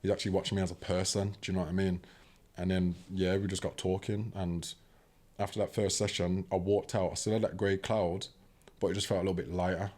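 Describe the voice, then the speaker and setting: Young british guy with a deep low voice, chatty, acts out bits of his stories. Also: brisk. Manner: animated, acts out quoted voices; fills talk with "do you know what I mean". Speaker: podcast guest. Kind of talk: casual storytelling.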